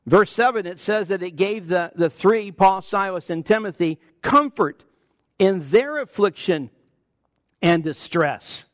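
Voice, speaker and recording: A pastor in his sixties preaches a conversational sermon with personal asides, his pitch and volume jumping up to stress key words. He's animated and measured in pace, recorded cleanly in a studio with no room sound.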